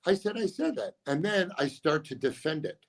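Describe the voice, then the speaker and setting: A man's voice: fairly high pitch, expressive, moderate pace, gravelly. A middle-aged man, a comedian and guest, telling long, self-mocking stories in casual chat, often stopping and restarting his sentences. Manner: rambling, self-mocking anecdotes with many restarts. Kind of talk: casual storytelling interview.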